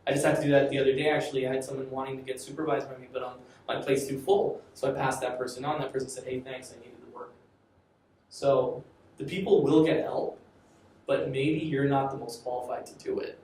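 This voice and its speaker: A man's voice: medium pitch, fairly even intonation, quick pace, a little mellow. Man lecturing in an echoey classroom. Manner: conversational, repeats and restarts phrases. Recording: echoey classroom from far off, faint noise.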